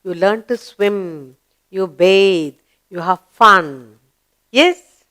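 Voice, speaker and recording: A woman's voice: mid-range voice, a bit bright, clean tone. A woman teaching a children's grammar lesson, who asks questions and answers them herself in an encouraging teacher's voice. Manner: slow, encouraging, sing-song teacher voice.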